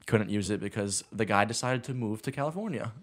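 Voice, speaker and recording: A man's voice: on the low side, animated, a little fast. A young man in casual chat, telling a rambling story about making a short film, full of "like" and "long story short". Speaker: filmmaker guest.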